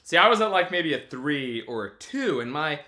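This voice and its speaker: Theatrical, high-voiced male comic. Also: moderate pace. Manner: animated, theatrical, profane. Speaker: vlog host. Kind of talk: comedic monologue.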